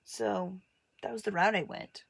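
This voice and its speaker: A woman casually telling stories about her childhood, acting out other people's voices with big jumps in her pitch. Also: fairly even intonation, a little slow, vocal fry, noisy background. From Montana. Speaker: artist telling her life story. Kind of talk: casual personal storytelling.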